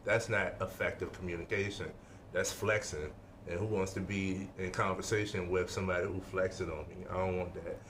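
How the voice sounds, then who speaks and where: A man's voice: low-pitched, flat delivery, brisk, noisy background. A man giving an informal motivational lesson, emphatic, repeating his points and checking in with the listener. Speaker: life-skills speaker.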